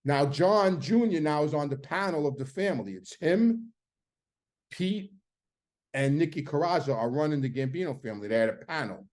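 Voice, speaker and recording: A man's voice: a little high, moderate pace. A middle-aged man telling a story casually, acting out the arguments he quotes. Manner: animated, acts out quoted arguments loudly.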